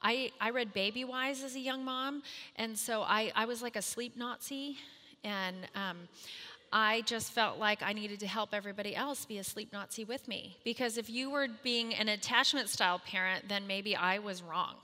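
A woman in her thirties telling a humorous, self-mocking story to a moms' group, animated and acting out the voices in her quotes. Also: mid-range voice, normal speed, in a large hall.

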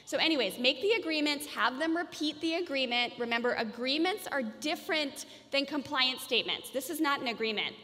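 A woman's voice: sits high, a little fast, few pauses, sharp tone. A woman giving a casual parenting workshop to parents, chatty and informal, often saying "like" and "you guys.". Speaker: parenting educator. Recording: reverberant hall.

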